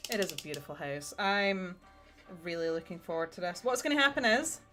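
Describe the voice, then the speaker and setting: Over music, a young woman with a lowish voice speaks briskly with lively intonation. She chats casually on her livestream while painting miniatures, addressing viewers directly and cursing freely.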